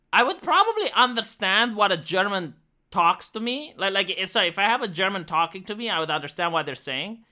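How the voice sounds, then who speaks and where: Romanian streamer, Romanian accent, profane and rambly, lively bright voice. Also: medium pitch. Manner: rambling, profane, jokey, with frequent fillers and restarts. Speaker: live streamer. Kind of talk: casual live-stream chat answering viewers.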